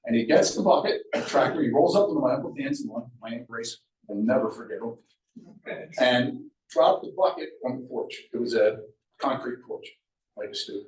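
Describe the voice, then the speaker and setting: Older guy telling stories at a local talk, lively, room echo, mic kinda far. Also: mid-range voice, moderate pace. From Sea Isle City, New Jersey. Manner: lively and conversational, acts out quoted voices. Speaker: local speaker sharing memories. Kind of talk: public storytelling talk. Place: event room at a museum talk.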